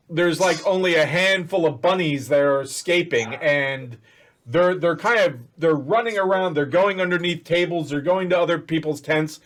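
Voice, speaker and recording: High-voiced man narrating as game master. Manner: rambling, self-correcting narration.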